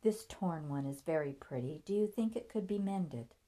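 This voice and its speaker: This is a confident young heroine in a storybook, voiced by a woman reader. She speaks calmly and kindly, in a low, even voice. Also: normal speed. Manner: calm, even, friendly.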